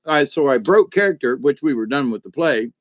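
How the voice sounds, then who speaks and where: A South Georgia man streaming live rambles through casual stories for his chat, constantly saying "you know" and "but anyway." His mid-range voice is expressive and brisk, and the recording is dry and lo-fi.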